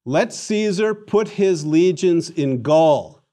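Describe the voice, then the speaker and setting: A man giving a recorded Latin lesson, an animated, theatrical teacher who leads the class through repetition drills. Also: a little high, takes it slowly.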